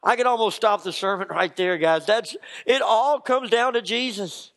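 A man preaching with a notably high voice, spinning folksy stories and acting out the people in them. The sound rings with the long reverb of a church hall. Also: normal speed, a bit bright. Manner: folksy storytelling, acts out quotes. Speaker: pastor. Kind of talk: sermon. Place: church sanctuary.

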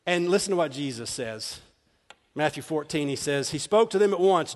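A man, a pastor, preaching a sermon with animated storytelling and frequent laughter. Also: on the high side, moderate pace. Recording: long reverb of a large hall.

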